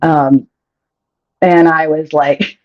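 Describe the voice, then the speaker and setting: A frank, chatty host of an advice show, sharing a story in a loose, conversational way. The speaker laughs often between words and restarts phrases. The voice sits at a middle pitch, and the audio sounds a little dull and muffled. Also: steady tone, drawn-out words. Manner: candid and chatty, laughs often mid-sentence, frequent restarts. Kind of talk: casual storytelling chat.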